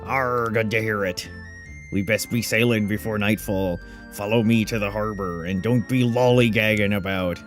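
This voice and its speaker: A man voicing a gruff old male pirate sea captain with a growling pirate brogue, reading game dialogue aloud in character. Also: medium pitch, steady tone, slow pace, sharp tone, soft background music.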